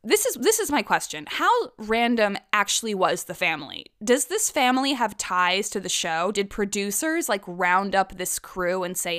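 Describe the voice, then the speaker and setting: A woman's voice: mid-range voice, very animated, normal speed, hardly any pauses, fairly bright tone. A woman hosting a casual solo podcast, ranting in a profane, sarcastic way. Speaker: podcast host.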